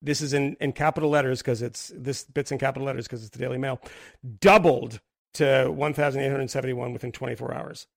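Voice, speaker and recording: Gravelly, rambling male podcast co-host. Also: medium pitch, steady tone, fairly quick, no echo, clean studio sound. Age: adult with a daughter. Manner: rambling, self-interrupting, laughs often. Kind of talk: casual podcast chat.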